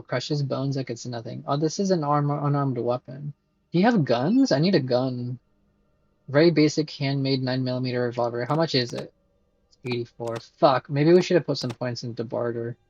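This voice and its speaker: A man with a voice on the high side streams a game, casually commenting, swearing, and laughing as he reads the dialogue aloud. The recording is dry and dull.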